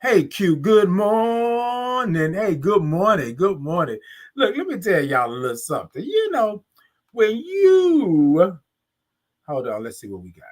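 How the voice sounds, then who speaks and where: Southern man, live-stream host, upbeat and chatty, slightly higher voice, drawn-out sung greetings. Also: huge pitch swings, slightly rough. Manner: upbeat, greets viewers by name, drawn-out sung good mornings. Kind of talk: casual live-stream chat.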